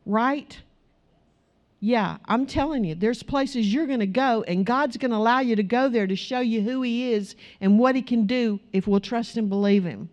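A woman's voice: medium pitch, darkish tone, muffled recording. A woman preaching a sermon in church, emphatic and asking her congregation rhetorical questions.

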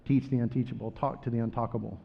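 A man preaching a sermon, rising loud on scripture and dropping quiet for asides. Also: mid-range voice, little pitch movement, quick pace, gravelly, dull audio, slight background noise.

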